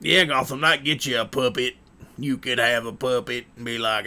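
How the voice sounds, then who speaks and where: A man's voice: medium pitch, fairly even intonation, normal speed, pushed and bright. A man hosting a livestream, chatting casually and jokily with his viewers in a rambling way. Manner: rambling, jokey. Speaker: livestream host.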